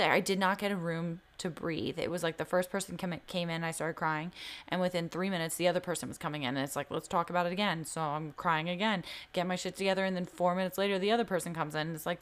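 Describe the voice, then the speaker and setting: A woman's voice: lowish voice, fast talker. A young woman telling a personal story in casual podcast chat, candid and swearing freely, full of "like" fillers. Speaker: podcast co-host.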